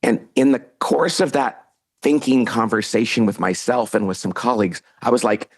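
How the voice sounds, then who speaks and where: A middle-aged man with a husky, slightly breathy voice, telling a story as a podcast guest. He talks animatedly and acts out the lines he quotes. His voice sits in an ordinary male pitch range. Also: normal speed. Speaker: podcast guest, author and CEO. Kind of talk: storytelling in a casual interview.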